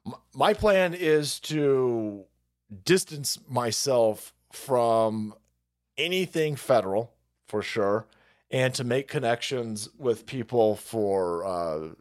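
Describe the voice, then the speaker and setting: A man's voice: mid-range voice, lively intonation, takes it slowly. A middle-aged man hosting a livestream, ranting in a profane, rambling and mocking way and thanking viewers for donations. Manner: foul-mouthed, rambling, mocking; reads donor messages aloud. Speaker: livestream host. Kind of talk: profane political rant and chat reading.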